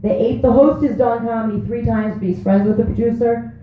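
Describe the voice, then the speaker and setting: Onstage at an open mic in a small comedy club, a woman in her thirties performs a brash, profane stand-up set. Her voice is fairly high with fairly even intonation and a fairly quick delivery. The tinny, phone-like recording captures an echoey room and slight background noise.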